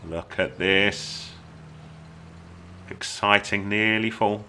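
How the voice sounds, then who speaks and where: A man with an English accent, talking through a casual gameplay tutorial in a chatty, excitable way with jokey asides. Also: on the low side, very slow, slight background noise. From England. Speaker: gaming YouTuber.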